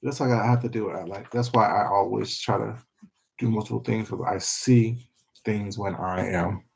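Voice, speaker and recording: A man's voice: on the low side, steady tone, moderate pace, gravelly, a little mellow, breathy edge, poor audio. A man chatting casually with his viewers on a stream, rambling, laughing and swearing freely. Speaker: livestreamer.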